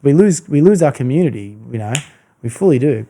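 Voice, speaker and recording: Male podcast host, mellow low-key tone, earnest and reflective. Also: expressive, brisk, slight background noise. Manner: earnest, laid-back, reflective. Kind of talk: casual reflective chat.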